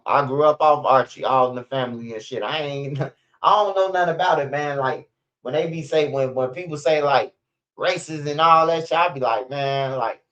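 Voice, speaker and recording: A man's voice: medium pitch, fairly bright tone, dull audio. A man hosting a casual news livestream, rambling and profane with stammering restarts. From Chicago, USA. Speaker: street news livestream host.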